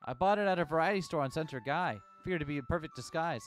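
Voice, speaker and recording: A man doing a hot-headed cop trapped in a cat costume, loud and whiny in a game reading. The voice sits high and swoops about with lively pitch, while faint music plays underneath. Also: quick pace, natural voice. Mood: defensive. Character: riled-up male cop stuck in a cat suit.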